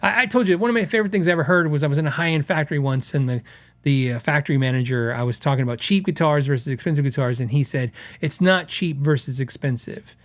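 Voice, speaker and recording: With a voice on the high side, a man racing through his words hosts a podcast, casually reading out viewer comments. His conversational delivery rambles, with restarts and acted quotes.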